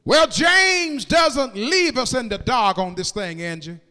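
A man preaching a sermon in a church, moving into sung, rising cadences and shouted peaks, and drawing out key words slowly. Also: very high voice, expressive, clear, resonant tone. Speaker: pastor. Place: church sanctuary. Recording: long reverb of a large hall.

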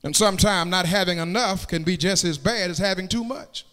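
A man preaching a sermon in a church, swinging from plain talk into shouted, sung cadences and calling out to the congregation for answers. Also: high voice, a little fast, smooth. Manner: calls out to the congregation for response. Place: church sanctuary. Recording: long hall reverb.

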